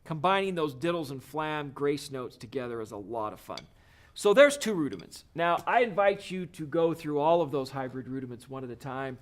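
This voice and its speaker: Man, drum teacher, encouraging, step-by-step explanations, slightly higher voice. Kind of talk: video lesson.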